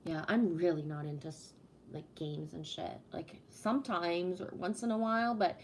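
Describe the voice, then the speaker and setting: Animated, swearing woman livestreamer. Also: lowish voice, moderate pace, slight background noise. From Canada. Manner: animated storytelling with heavy swearing. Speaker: livestream host. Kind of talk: casual livestream chat.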